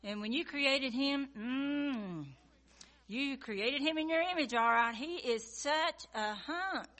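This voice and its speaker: Young woman babbling a funny prayer, bright voice, lots of ums. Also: high-pitched, slow. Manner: chatty, rambling, fillers, wheedling requests. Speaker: praying woman in a skit. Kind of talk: comic monologue prayer.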